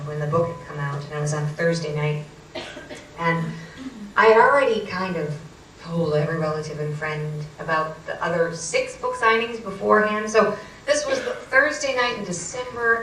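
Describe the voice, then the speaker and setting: Woman storyteller, lively, self-mocking, talking to an audience, roomy hall echo, faint background noise. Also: on the low side. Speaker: author and speaker. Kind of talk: storytelling talk to a live audience. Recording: roomy hall, distant mic, faint ambience.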